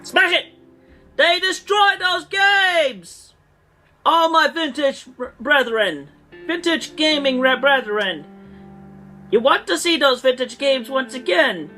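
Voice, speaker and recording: A woman's voice: high-pitched, lively intonation, takes it slowly, pushed and bright, faint music behind, full character voice. A woman in an archived clip ranting in a put-on, theatrical British-sounding accent, pompous and indignant. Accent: imitated British. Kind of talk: archived online video rant.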